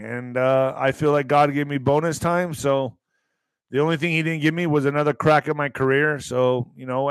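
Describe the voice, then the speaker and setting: A man's voice: mid-range voice, dry recording, low-quality recording. A man hosting his morning show, rambling casually and profanely while reading news aloud with stumbles.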